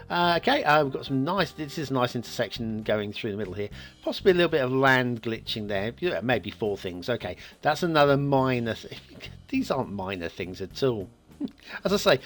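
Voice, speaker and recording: A man's voice: medium pitch, a bit bright. A man hosting a map review show, giving rambling, casual commentary on a game map with frequent chuckles and self-mocking asides.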